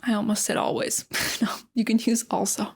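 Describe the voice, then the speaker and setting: A woman's voice: on the high side, flat delivery, moderate pace, husky. A young adult woman with an American accent, talking casually and emphatically as she teaches English in a podcast, with lots of fillers. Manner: chatty and emphatic, many fillers like "like" and "honestly".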